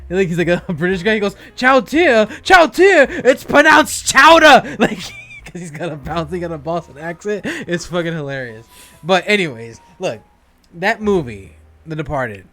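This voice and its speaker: A man's voice: on the high side, expressive, moderate pace, a bit bright, soft background music. A young man co-hosting a casual podcast chat, swearing freely and laughing often. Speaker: podcast co-host.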